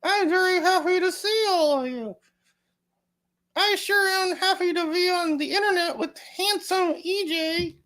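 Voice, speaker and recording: A man voicing a sweet, gushing young woman co-host in a high falsetto, slow and sing-song. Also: sharp tone, exaggerated voice.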